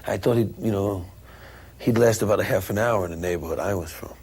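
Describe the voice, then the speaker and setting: Blunt low-voiced man from New York. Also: fairly quick, background noise. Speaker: interviewee. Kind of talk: interview reminiscence.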